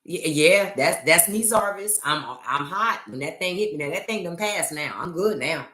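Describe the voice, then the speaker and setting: A woman's voice: on the low side, animated, normal speed, fairly bright tone. A middle-aged woman hosting a casual livestream chat, joking and telling stories with theatrical flair into a phone. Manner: chatty, joking, theatrical storytelling. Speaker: livestream host. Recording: echoey room.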